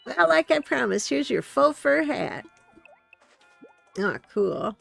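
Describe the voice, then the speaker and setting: Brief: woman doing a hearty gym-buff animal guy from a cozy game, gravelly, unhurried, slightly high. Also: very animated, fairly bright tone, faint music behind, full character voice. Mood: excited. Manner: hearty, sporty, says "yo, dude". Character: pumped-up male jock animal villager, upbeat gym buff. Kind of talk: reading game dialogue aloud.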